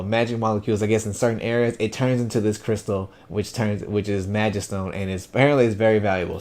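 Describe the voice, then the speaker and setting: A man giving a casual first-impressions anime review, loose and rambling with lots of fillers and restarts. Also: lowish voice. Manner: chatty, animated.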